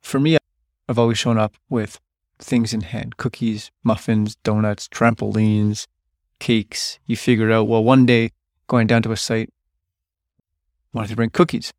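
Male podcast host, mid-pitched, lively storyteller, dry close mic. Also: measured pace, dry recording. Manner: animated storyteller, quotes coworkers in loud bursts. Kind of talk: storytelling monologue.

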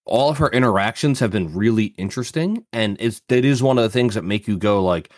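A man co-hosting a casual chat, relaxed, swearing and acting out quotes. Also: on the low side, moderate pace, no echo, studio quality. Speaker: podcast co-host.

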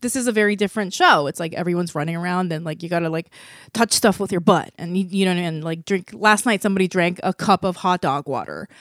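A woman's voice: lowish voice, fast, no room sound, clean studio sound. A young woman co-hosting a casual podcast chat, talking candidly and heartfelt, with frequent swearing. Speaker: comedy show co-host.

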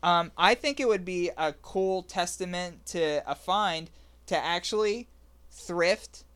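A man hosting a casual podcast chat, rambling and halting with lots of fillers. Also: sits high, a bit bright, smooth. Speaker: podcast host.

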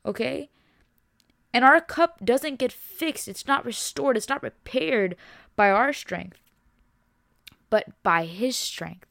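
A woman's voice: fairly high pitch, lively intonation, slow pace, gravelly, long pauses, a bit bright, dry recording, studio quality. A young woman hosting a faith podcast, preaching with passion and emphasis, repeating herself and dropping casual words like y'all and bro. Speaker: podcast host.

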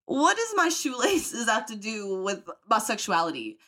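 A woman's voice: on the high side, sing-song, moderate pace, sharp tone. A young woman hosting a podcast, telling a personal story in a candid, profane, casual way and acting out the voices of people she quotes. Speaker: podcast host.

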